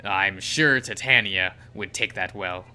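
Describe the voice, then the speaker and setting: A man voicing a calm, dry-humored medic in a game, speaking slowly and evenly. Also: low-pitched, full character voice.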